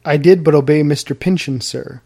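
A man's voice: on the high side, brisk, creaky, mellow. A man voicing a deferential, awkward colonial manservant with a polite, hesitant manner of speech. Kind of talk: audiobook character reading.

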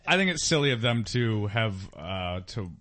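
A man in a casual comedy podcast chat making deadpan, ironic remarks. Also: fairly low pitch, moderate pace.

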